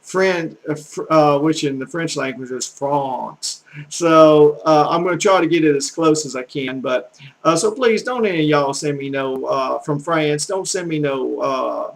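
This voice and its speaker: A man's voice: on the high side, creaky, low-quality recording. A middle-aged man with a Southern American accent giving a rambling, folksy language lesson full of fillers and restarts. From Southern United States. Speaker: language tutor.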